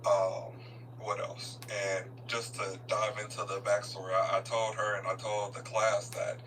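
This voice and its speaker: Low-voiced man, distant and noisy. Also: little pitch movement, fairly bright tone. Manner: earnest, halting, repeats words. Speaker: student giving a tribute. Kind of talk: spontaneous tribute speech at a live event. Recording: distant mic with a noisy room and hum.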